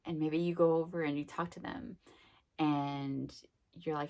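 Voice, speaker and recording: Low-voiced woman chatting casually. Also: steady tone, a little fast, dark tone. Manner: chatty, rambling, lots of fillers and acted-out quotes. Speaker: self-help vlogger. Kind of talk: casual monologue.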